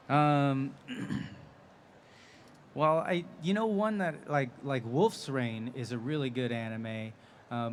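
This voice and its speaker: A man's voice: medium pitch, a little hiss or hum. A man who voices anime and game characters, answering fan questions at a convention panel and telling stories with lots of laughter. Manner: animated storyteller, laughs often. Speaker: voice actor guest. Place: convention stage.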